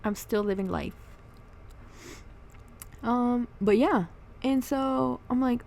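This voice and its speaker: A woman's voice: a little high, takes it slowly, vocal fry, long pauses, a little hiss or hum. A young woman chatting while she does her makeup, telling an indignant storytime about friends at work. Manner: animated, indignant venting. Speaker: vlogger. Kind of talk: get-ready-with-me storytime chat. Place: at home doing makeup.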